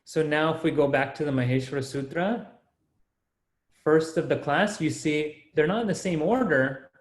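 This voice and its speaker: A man's voice: a little high, moderate pace, echoey room. A man teaching an online class, explaining rules step by step and often checking in with the students. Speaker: Sanskrit teacher.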